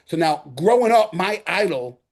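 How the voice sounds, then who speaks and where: Brief: middle-aged Bronx-born man with a New York accent, guest on a podcast interview, animated storyteller who acts out every quote, voice pitched a little high. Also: moderate pace. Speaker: guest actor.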